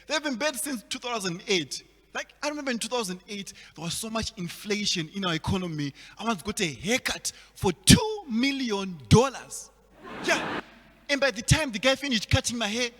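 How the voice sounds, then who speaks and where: A man from Zimbabwe performing a stand-up comedy set, telling stories and acting out the people in them with big jumps in loudness. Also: extremely high pitch. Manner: animated storytelling, acts out characters with big swings in loudness. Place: large hall at a virtual event. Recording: long hall reverb.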